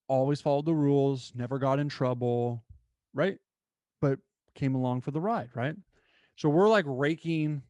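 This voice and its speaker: A man's voice: mid-range voice, no echo. Young man telling a story. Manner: animated, lots of "like" fillers. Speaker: podcast host. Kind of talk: casual storytelling monologue.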